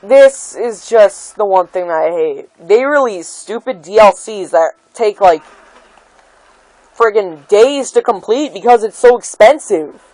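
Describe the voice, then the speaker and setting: A woman's voice: medium pitch, expressive, a little slow, dark tone, no echo, low-quality recording. A woman giving a heated opinion rant about a video game, full of exasperation and many "like" and "um" fillers. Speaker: gaming video maker.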